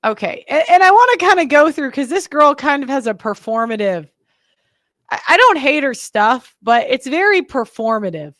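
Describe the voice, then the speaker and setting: Chatty high-voiced young woman, blunt. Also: big pitch swings, normal speed, a bit bright, no room sound, clean studio sound. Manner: chatty, rambling, blunt, many fillers and restarts. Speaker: podcast host. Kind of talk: casual opinionated monologue.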